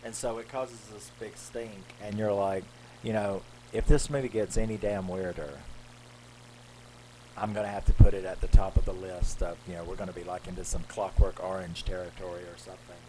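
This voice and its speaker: A man's voice: low-pitched, steady tone, normal speed, noisy background. A man casually retelling a horror film's plot in a rambling way, acting out the characters' lines. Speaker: horror film reviewer. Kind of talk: casual movie recap.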